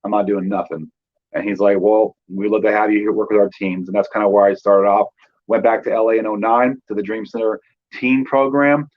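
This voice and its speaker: A man's voice: fairly low pitch, steady tone, a little fast, narrow, tinny audio. A man in his thirties from Northern California, a guest telling his life story in loose casual talk with many fillers. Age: 30s.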